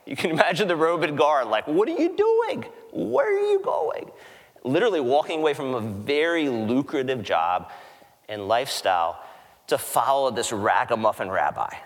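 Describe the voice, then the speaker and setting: A man preaching a sermon, telling the story in a conversational, animated way with quick asides. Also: a little high. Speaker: pastor. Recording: long hall reverb.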